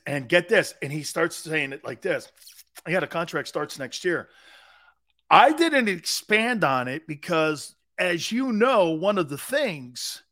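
A man's voice: fairly high pitch, fairly bright tone. A man hosting a live sports talk show, telling a long, rambling anecdote in a casual way.

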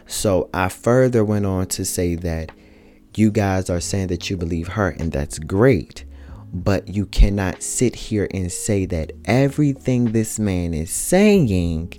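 A man with a deep, dark-toned voice speaks earnestly in a reflective personal monologue. He addresses his listeners colloquially and repeats key points for emphasis.

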